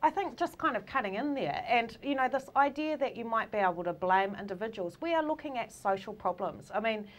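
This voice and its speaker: A woman with a New Zealand accent speaking briskly and earnestly as a guest in a studio political discussion. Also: a little high, lively intonation.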